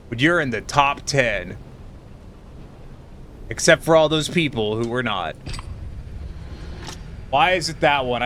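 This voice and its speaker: Man, live streamer, bright tense voice, tired rambling chat, faint rumble behind.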